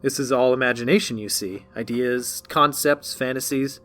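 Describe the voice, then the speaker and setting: A man voicing an eager young writer who speaks with boyish excitement. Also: medium pitch, moderate pace, faint music behind, lightly acted. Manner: bright, excited and animated.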